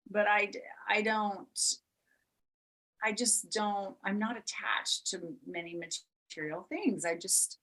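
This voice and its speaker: Give me a low-voiced woman telling a personal story. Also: rough recording. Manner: animated, repeats words for emphasis, laughs through the story. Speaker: podcast host.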